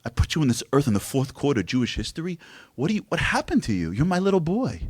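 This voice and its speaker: A man's voice: on the high side, sing-song, fast, dry recording. A man voicing God as a loving, exasperated parent who pleads with rising emphasis. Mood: pleading.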